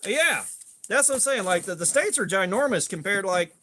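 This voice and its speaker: Man, high voice, bright tone, rambling, profane, casual livestream host. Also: expressive, a little fast, a little hiss or hum. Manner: rambling and profane, with a lot of filler.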